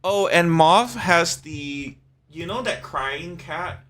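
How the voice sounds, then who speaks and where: Male streamer in his forties, loose and chatty, laughs a lot, unhurried delivery, bright tense tone. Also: on the high side, expressive. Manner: chatty, laughs often, swears freely. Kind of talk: casual live-stream chat.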